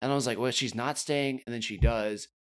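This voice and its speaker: A relaxed man in casual podcast chat, talking loosely and cursing now and then as he goes over a movie. His voice sits at an ordinary middle pitch, easygoing and unhurried. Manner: laid-back, chatty, swears casually. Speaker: podcast co-host. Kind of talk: casual chat reviewing a film.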